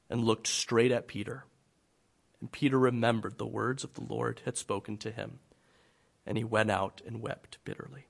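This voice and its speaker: A man preaching a sermon, telling a scripture story dramatically, swinging from loud to hushed. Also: fairly high pitch.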